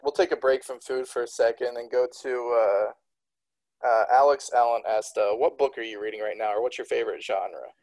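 Co-host: relaxed man, mid-pitched, asks questions, casual. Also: fairly quick, low-quality recording. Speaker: podcast co-host. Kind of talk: casual chat.

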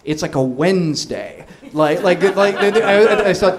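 A man telling a comic personal story, rambling and animated, with lots of restarts and fillers. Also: high-pitched, unhurried, a crowd in the background.

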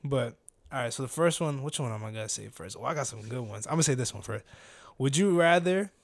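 A man's voice: medium pitch, animated, quick pace, creaky, no echo, studio quality. A young man co-hosting a casual chat, laid-back and slangy, full of 'like' fillers. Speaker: podcast co-host.

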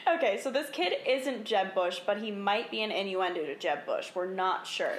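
A young adult woman co-hosting a podcast in casual chat, quick to laugh and blunt, with free swearing. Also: medium pitch, animated. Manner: giggly, blunt, swears freely. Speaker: podcast co-host. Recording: roomy echo.

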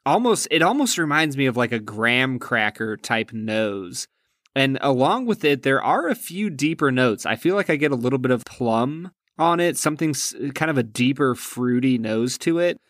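A man's voice: medium pitch, big pitch swings, normal speed, a bit bright, dry recording, studio quality. A man co-hosting a whiskey review, asking curious questions in a laid-back way. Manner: curious, laid-back, uses filler words. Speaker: co-host. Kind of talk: casual review chat.

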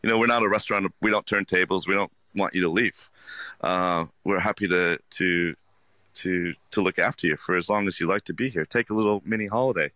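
A man, a restaurant owner, talking earnestly in an interview, halting with many restarts. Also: deep voice, pushed and bright, no echo. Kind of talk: casual interview talk.

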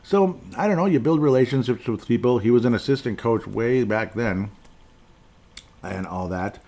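A middle-aged man hosting a casual solo sports talk podcast, rambling and digressive with jokes, often clearing his throat. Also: medium pitch, moderate pace, dark tone. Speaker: podcast host.

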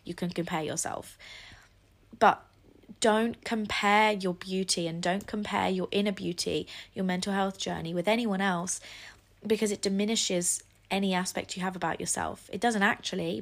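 A woman's voice: medium pitch, fairly even intonation, moderate pace. A young woman hosting a solo podcast, speaking earnestly and encouragingly, with self-deprecating asides. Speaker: podcast host.

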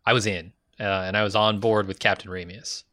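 A man's voice: lowish voice, fairly even intonation, fairly quick, sharp tone, no room sound, clean studio sound. A man co-hosting a casual film discussion, laid-back and amused. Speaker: podcast co-host.

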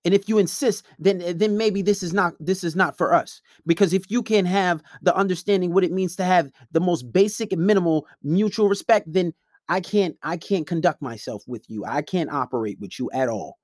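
Blunt, profane man lecturing, fairly high voice. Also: normal speed, darkish tone, dry recording, studio quality. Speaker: relationship advice podcaster. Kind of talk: casual monologue.

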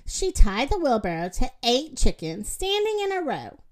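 A woman reading a children's picture book aloud in a slow, expressive way. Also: high-pitched. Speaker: storyteller.

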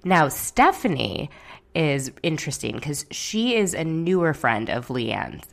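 A woman's voice: deep voice, lively intonation, moderate pace, vocal fry. A woman giving a casual, candid recap of a reality show episode, opinionated, with dry jokes and the odd swear word.

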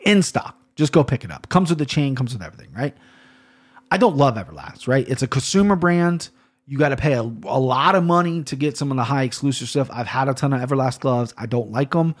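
Podcast host, male, mid-pitched, loose and profane, rambling fight talk. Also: expressive, a little fast. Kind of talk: casual solo podcast chat.

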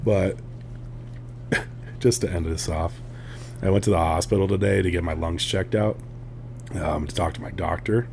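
Sounding tired and drowsy, this young man co-hosts a podcast, spinning casual stories at normal speed in a low, gravelly voice that pauses often. He laughs a lot and animatedly voices what people said, with slight background noise behind him.

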